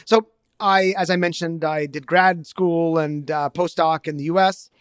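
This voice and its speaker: A man in his thirties, chatting casually as a podcast co-host, thoughtful and halting with many fillers and restarts. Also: on the high side, steady tone, clear, resonant tone, dry recording, clean studio sound. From Canada. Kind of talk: casual chat.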